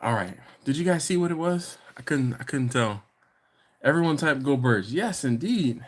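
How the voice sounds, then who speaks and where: Animated, laughing man hosting a live stream. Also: mid-range voice, normal speed, slight background noise. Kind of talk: casual live-stream chat. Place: home living room.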